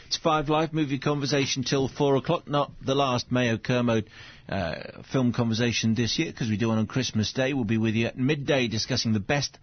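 A man's voice: medium pitch, fairly even intonation, a little fast, hardly any pauses, highs cut off. A man presenting a radio film show, with dry, teasing banter. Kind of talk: radio chat.

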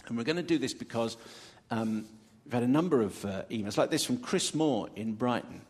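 Male radio host on a live stage, animated swooping delivery, theatrical reader of listener emails. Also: mid-range voice, brisk, slightly rough. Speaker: radio presenter. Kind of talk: lively live radio chat before an audience. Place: stage before a live audience.

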